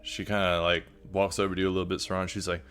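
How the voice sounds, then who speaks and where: A man's voice: sits low, level tone, fast talker, a bit bright, clean tone, faint music behind. A man narrating as game master in a rambling, hesitant way with many fillers.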